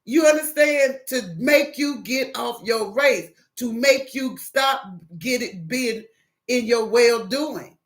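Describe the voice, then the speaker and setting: A woman with a Southern US accent giving a casual devotional talk, animated and preachy, acting out phone calls as she goes. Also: a little high, takes it slowly. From American South. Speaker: Christian single encouraging viewers.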